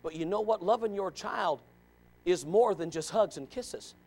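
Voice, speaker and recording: A man in his forties preaching a sermon in church, animated and questioning, swinging from loud to quiet. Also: high voice, normal speed. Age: 40s.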